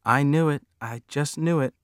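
A man voicing a loud, crude middle-aged woman who taunts and pries. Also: fairly high pitch, moderate pace, no echo, clean studio sound, pitched above the performer's own voice, close to an everyday voice. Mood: mocking. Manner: taunting, coarse, nosy.

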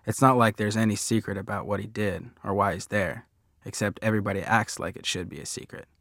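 A man narrates a first-person story with a conversational, wry touch. His voice sits a bit low. The sound is close and dry, like a booth with no room echo. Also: fairly even intonation, fairly quick, creaky, a bit bright.

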